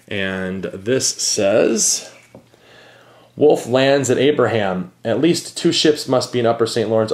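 A man hosting a board game channel, thinking aloud with many fillers and reading cards as he plays a solo game. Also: fairly low pitch.

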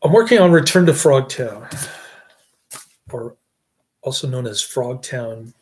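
Husky middle-aged male reviewer, unhurried, meandering chatty delivery with fillers. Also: medium pitch, lively intonation, a little mellow. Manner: rambling, chuckling, filler-heavy. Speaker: movie reviewer. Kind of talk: casual rambling chat.

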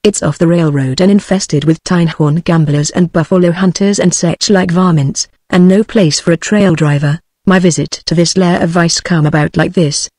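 A text-to-speech woman's voice with a British English accent, narrating an audiobook in an even, machine-read way. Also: fairly low pitch, dry recording, clean studio sound.

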